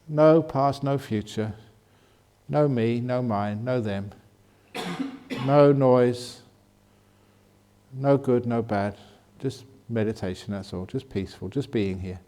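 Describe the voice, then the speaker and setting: A Buddhist monk answers retreat questions in a gently humorous way, his pitch rising and falling freely. His voice sits at a middling height, and he slows down and goes soft whenever he shows how calm speech should sound. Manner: gently humorous, laughs at his own jokes. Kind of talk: dharma Q&A talk at a retreat. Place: meditation retreat centre.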